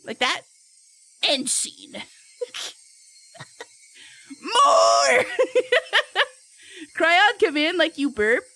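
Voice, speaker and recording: A young woman streamer chatting casually with her viewers, giggly and playful, loudly reacting to chat. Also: high voice, big pitch swings, takes it slowly, long pauses.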